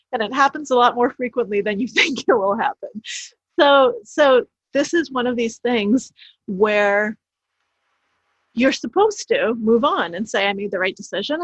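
A woman's voice: a little high, fairly bright tone, breathy edge, no room sound. A woman, an author being interviewed, explaining her points emphatically, often restarting her phrases as she goes. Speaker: author guest. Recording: dull, slightly lo-fi sound.

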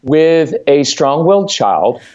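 A man in casual chat giving parenting advice, lively, acting out what he tells his kids. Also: a little high, slow, lo-fi sound.

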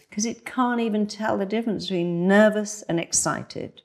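A woman's voice: mid-range voice, normal speed, few pauses. A woman therapist speaking as an interview guest, emphatic and acting out the voices she quotes. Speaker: hypnotherapist guest. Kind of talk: conversational interview.

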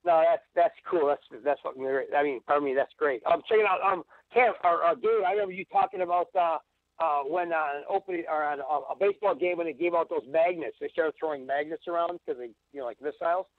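A man from Wisconsin with a Midwestern accent, calling in to a radio show and rambling excitedly with many restarts. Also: fairly high pitch, fast talker, no echo. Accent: Midwestern American. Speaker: caller. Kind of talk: casual call-in chat. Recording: tinny phone line.

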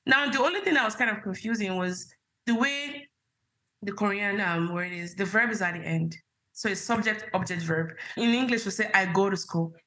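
A woman's voice: medium pitch, normal speed, sharp tone. A woman in her thirties from Nigeria, a podcast guest who explains things patiently and laughs easily. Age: 30s. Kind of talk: casual interview chat.

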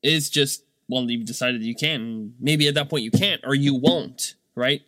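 A man's voice: medium pitch, unhurried, pushed and bright, no room sound, clean studio sound. A man in his thirties, a business owner and dad, talking casually and full of fillers and rhetorical "right?" checks. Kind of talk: casual monologue.

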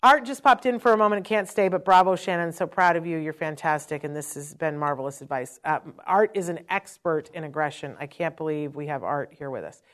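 A middle-aged woman hosting a chatty advice talk, telling stories in an animated, frank way. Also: deep voice, fairly quick, few pauses. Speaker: host. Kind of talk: live-stream advice talk.

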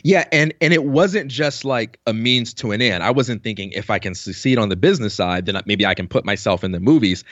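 A man's voice: fairly low pitch, fairly quick, hardly any pauses, dry recording, highs cut off. A man telling stories about his career in a casual interview, acting out the voices of people he quotes. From New York. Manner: animated storyteller, acts out quoted voices. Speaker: podcast guest.

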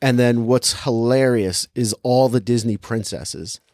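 A man's voice: mid-range voice, unhurried, darkish tone, dry recording. A young man casually chatting and reviewing a movie, rambling with lots of filler words and laughing easily. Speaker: podcast co-host reviewing a movie. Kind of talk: casual chat.

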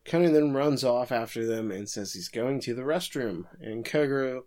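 A man's voice: mid-range voice, lively intonation, darkish tone. Easygoing man recapping a story. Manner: recaps plot in long runs, with quick quips and laughs. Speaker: podcast co-host recapping an anime episode. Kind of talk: casual chat.

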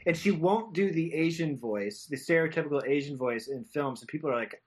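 A man hosting a casual comedy podcast, telling animated stories and swearing freely. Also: fairly high pitch, brisk, hardly any pauses, slightly rough. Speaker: podcast host.

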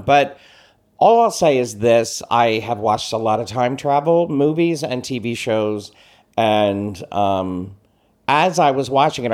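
A man co-hosting a casual film chat, giving blunt, animated opinions with frequent ums and restarts, his voice getting tired. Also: medium pitch. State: voice tiring. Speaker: podcast co-host. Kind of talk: casual movie review chat.

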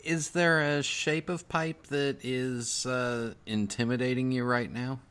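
A man hosting a podcast, asking relaxed, conversational questions. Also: mid-range voice, takes it slowly, clear, resonant tone. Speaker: podcast host. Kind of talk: casual interview questions.

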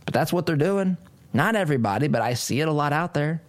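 A man's voice: a little high, expressive, fast. A man hosting a political talk radio show, delivering an emphatic monologue with mocking asides. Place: studio.

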